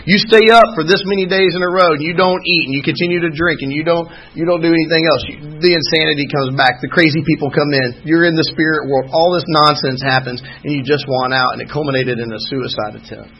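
A man's voice: on the high side, fairly even intonation, a little fast, few pauses, husky. Man, recovery-meeting speaker, raised voice, candid wry storyteller, dull lo-fi sound. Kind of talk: personal recovery testimony. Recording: muffled lo-fi recording.

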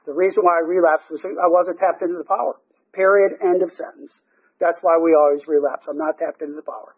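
A man's voice: fairly high pitch, steady tone, fast talker, breathy edge. A man sharing his personal recovery story at a meeting, talking conversationally with self-deprecating humor. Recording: tinny phone-like sound.

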